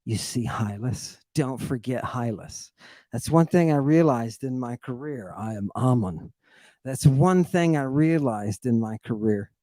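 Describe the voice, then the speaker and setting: Speaking at medium pitch and an unhurried pace, a man gives an animated livestream talk about ancient texts. He's theatrical and slangy, repeating exclamations for effect, and the audio carries no room sound.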